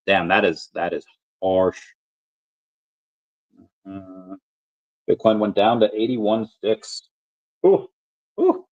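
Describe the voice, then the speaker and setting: A man's voice: on the low side, expressive, slow pace, pauses often, darkish tone. A man hosting a casual livestream, rambling and chatting with viewers, full of fillers and restarts. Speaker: livestream host. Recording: dull lo-fi audio.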